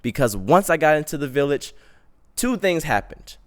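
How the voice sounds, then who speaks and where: A man hosting a podcast, telling a personal story in an animated, slangy way. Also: fairly high pitch, moderate pace. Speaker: podcast host.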